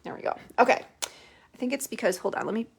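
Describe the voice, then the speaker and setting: A woman's voice: on the high side, lively intonation, a little fast, vocal fry, breathy edge. Chatty woman teaching a craft. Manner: chatty, explains step by step with frequent "okay" and fillers. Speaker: craft tutorial host. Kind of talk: casual craft demonstration. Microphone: phone camera.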